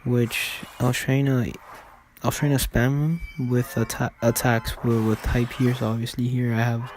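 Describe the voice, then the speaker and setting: Rambling man with a flat, dark voice. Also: mid-range voice, normal speed, slight background noise. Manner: rambling, many fillers and restarts. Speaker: game commentator. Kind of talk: casual gameplay commentary.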